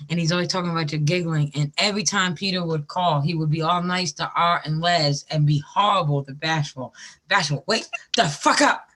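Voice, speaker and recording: A man's voice: on the high side, steady tone, sharp tone. A man hosting a live stream, teasing his guests and laughing often in casual group chat. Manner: brash, teasing, quick to laugh. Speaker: stream host.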